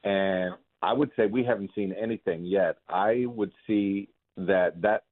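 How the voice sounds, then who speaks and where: Low-voiced man on a tinny speakerphone. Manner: friendly, earnest, halting speech. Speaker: radio caller. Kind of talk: casual phone chat.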